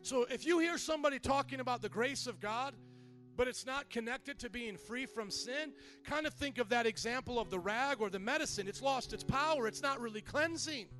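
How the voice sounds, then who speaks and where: A man's voice: very high voice, fairly quick, fairly bright tone, soft background music. A man preaching a sermon as pastor, repeating key lines and calling on the congregation to respond. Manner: repetitive preaching with call-and-response.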